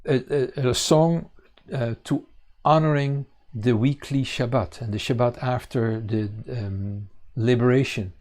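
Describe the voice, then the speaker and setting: A man teaching a congregation on scripture, pausing often with fillers and restarting his sentences. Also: medium pitch, fairly even intonation, darkish tone. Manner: halting, many fillers and restarts. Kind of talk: bible teaching.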